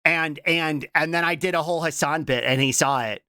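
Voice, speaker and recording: A young adult VTuber streamer chatting casually on a live reaction stream. They break into playful shouts and keep tossing out a questioning "what?". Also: medium pitch, fairly quick, clear, resonant tone, no echo, studio quality. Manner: keeps repeating a questioning "what?" between remarks; stumbles and restarts mid-sentence.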